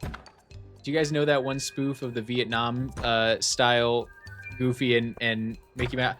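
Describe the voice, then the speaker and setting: A rambling, jokey man livestreaming a game at a middle pitch, talking loosely to his chat at a desk microphone. Light game music runs quietly underneath. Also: flat delivery, a little slow. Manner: chatty, jokey, rambling with fillers and restarts.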